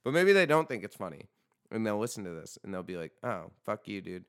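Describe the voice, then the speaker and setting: A young man with a deep, smooth voice hosts a casual podcast chat. He rambles, swears freely and jokes around. His voice is recorded close and dry. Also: sing-song, fast talker, fairly bright tone, dry recording. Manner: rambling, profane, loose and joking. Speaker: podcast host and band vocalist.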